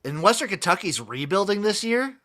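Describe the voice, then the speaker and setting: A man hosting a casual sports podcast, running through scores with wry, deadpan remarks. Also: high-pitched, fairly quick. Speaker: podcast host.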